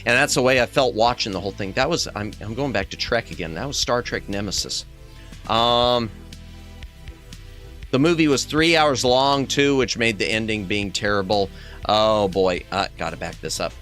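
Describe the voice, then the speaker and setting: A man's voice: moderate pace, fairly bright tone. A man streaming as a VTuber, chatting casually with his viewers in a rambling, self-correcting way, his throat strained. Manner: rambling, self-correcting, jumps to high squeaky exclamations. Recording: faint music behind the voice.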